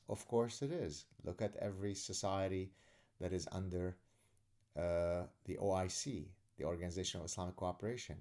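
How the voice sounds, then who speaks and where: Sarcastic, low-voiced male podcast ranter. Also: darkish tone. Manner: sarcastic, indignant, emphatic. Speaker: podcast host. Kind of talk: live audio room monologue rant.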